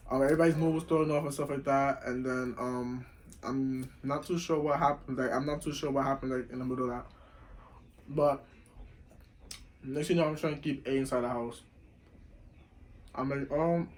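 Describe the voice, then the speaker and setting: A young man telling a story casually while eating, slangy and rambling, getting loud when he acts out what people said. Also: mid-range voice, moderate pace, long pauses, slight background noise, poor audio. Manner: animated, acts out quoted lines loudly. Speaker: vlogger.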